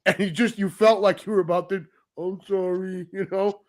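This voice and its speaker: A middle-aged man co-hosting a casual podcast, his voice sitting a little high for a man. He tells stories with plenty of swearing and acts out the people he quotes. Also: moderate pace. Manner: animated storyteller, swearing, acting out quotes. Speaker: podcast co-host. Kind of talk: casual storytelling chat.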